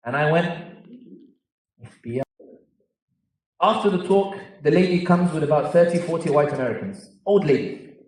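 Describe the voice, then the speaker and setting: Londoner telling stories in an echoey hall. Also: male voice, on the high side, darkish tone. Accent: London English. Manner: humorous storyteller, quick asides. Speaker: speaker. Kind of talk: storytelling talk to a live audience. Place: large convention hall. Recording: echoey hall, mic at a distance.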